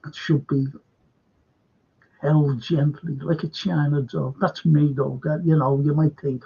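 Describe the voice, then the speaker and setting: A man's voice: fairly high pitch, level tone, measured pace, vocal fry, breathy edge. An older man hosting a live stream, rambling through viewer comments in a casual chat and losing his train of thought. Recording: dull lo-fi stream audio.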